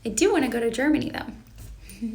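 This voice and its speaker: Answering viewer questions she reads out on a casual live stream, a young woman working as a life coach speaks in an earnest, reflective way. Her voice is a little high, gravelly with vocal fry and a darkish tone, expressive and at a moderate pace, picked up by what sounds like a phone or webcam mic.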